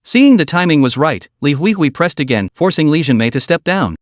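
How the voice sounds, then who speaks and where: A male narrator with a fairly high voice that swings widely in pitch, reading a scripted story recap with dramatic flair. The sound is close and dry, with no room around it. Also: very animated, brisk, dry recording.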